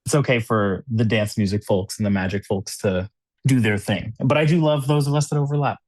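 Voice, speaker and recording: Lowish, slightly mellow, and fairly quick, the man's voice comes through with no room sound. He's a US cube designer in a casual New York City podcast interview, laughing often and using many "like" and "you know" fillers.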